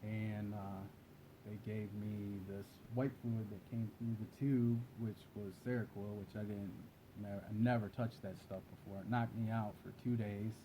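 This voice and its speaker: A man telling a personal story in plain, low-key, casual speech. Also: little pitch movement, normal speed, warm tone, a little hiss or hum, poor audio. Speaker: guest.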